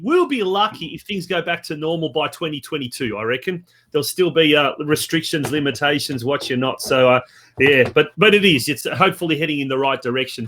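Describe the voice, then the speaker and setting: A man's voice: high-pitched, bright, forceful tone. An Australian man hosting a football podcast, upbeat and gushing as he welcomes listeners. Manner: upbeat, gushing, hype-style. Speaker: podcast host.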